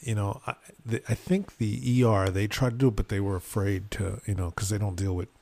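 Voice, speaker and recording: A man on a podcast casually retelling a family mishap, acting out the people he quotes with sharp jumps in pitch. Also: fairly quick, creaky. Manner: animated retelling, acts out quotes with sudden rises in pitch. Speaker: podcast co-host. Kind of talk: casual storytelling chat.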